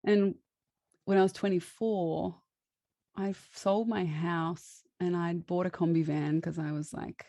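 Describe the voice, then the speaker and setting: A woman's voice: lowish voice, steady tone, measured pace, dark tone, dry recording, studio quality. A woman, a guest chatting through a personal story, laughing often and restarting her sentences.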